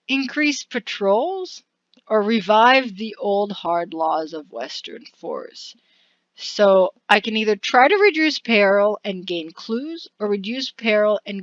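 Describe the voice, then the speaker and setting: Slow-talking woman narrating a game. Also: mid-range voice, a bit bright, no room sound, lo-fi sound. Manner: reads game text aloud with asides and frequent laughs. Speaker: let's-play narrator. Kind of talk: casual game narration, reading text aloud.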